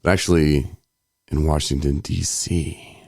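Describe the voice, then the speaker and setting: A man's voice: rumbling low, flat delivery, unhurried, creaky, darkish tone, dry recording, clean studio sound. A man co-hosting a recovery podcast, talking in a rambling way, laughing often and acting out quotes. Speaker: podcast co-host. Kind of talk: casual chat.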